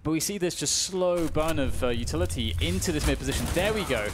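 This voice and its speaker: A man with a British accent giving live play-by-play commentary on an esports match, measured at times and breaking into excited yells on big plays. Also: fairly high pitch, soft background music.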